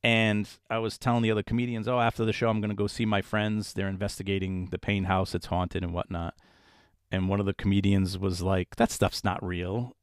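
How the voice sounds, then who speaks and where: A man with a low voice, interviewed as a paranormal investigator. He tells his stories casually and with animation, putting on the voices of the people he quotes. The recording is dry and close. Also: level tone, brisk, clean tone, no echo.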